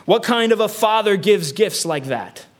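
A man preaching, voicing the devil as a smooth, coaxing tempter who asks persuasive questions. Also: sits high, lively intonation, normal speed, pitched above the performer's own voice.

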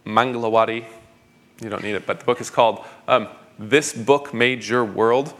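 A man's voice: medium pitch, unhurried, a bit bright. A man, a pastor, answering audience questions at a conference in an eager, rambling way with frequent stammered restarts.

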